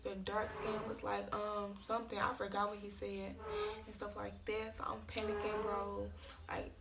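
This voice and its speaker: A woman's voice: mid-range voice, monotone, moderate pace, creaky, very noisy. A young woman vlogger telling an emotional story in a casual, slangy, tearful rush.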